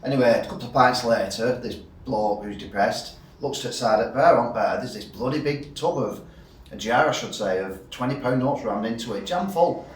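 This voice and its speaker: A man's voice: mid-range voice, normal speed. Man telling a pub joke. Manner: lively, casual swearing, acts out voices. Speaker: joke teller. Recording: roomy, distant mic, faint ambience.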